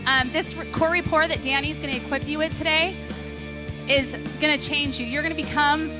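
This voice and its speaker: A woman from California giving an earnest, emotional testimonial as a seminar speaker on a stage. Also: high voice.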